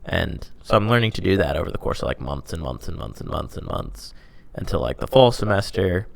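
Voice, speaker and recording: A man's voice: low-pitched, big pitch swings, a little fast, creaky, dry recording. A young man chatting casually on a podcast, rambling and self-mocking, with "like" in almost every sentence. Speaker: podcast host telling his faith story. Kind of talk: casual chat.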